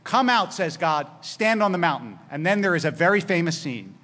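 High-voiced rabbi preaching in a hall. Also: male voice, very animated, moderate pace, pushed and bright. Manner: storytelling with wry humor and dramatic quoted lines. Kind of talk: sermon. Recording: long hall reverb.

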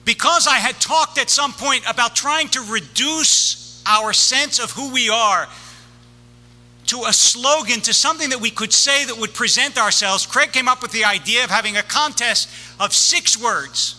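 A rabbi delivers a sermon with wry comic timing and a high, very bright voice. His words echo through a long, reverberant sanctuary. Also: normal speed.

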